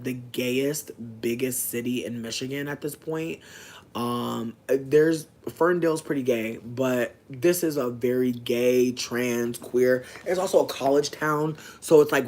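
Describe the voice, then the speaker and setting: A man speaks straight to his viewers in a loose, candid monologue, frank and full of "like" and swearing. His voice sits at an ordinary middle pitch. A faint rumble runs under the recording. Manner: chatty, frank, swears a lot, many "like" fillers. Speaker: vlogger. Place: indoors at home.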